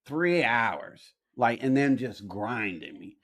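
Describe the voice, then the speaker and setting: A man from spins a long story as a podcast guest, full of slang and swearing. He keeps slipping into the other people's lines as he tells it, in a voice of ordinary middle pitch. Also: slow, hardly any pauses. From Alabama, USA. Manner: slangy, profane, animated storyteller acting out quoted dialogue. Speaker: podcast guest, military veteran. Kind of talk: casual storytelling in a podcast interview.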